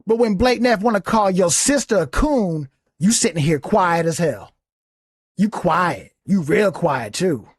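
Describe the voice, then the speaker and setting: Man, podcast host, taunting and profane, very animated pitch, dry close sound. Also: a little slow, breathy edge, no echo. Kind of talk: combative commentary monologue.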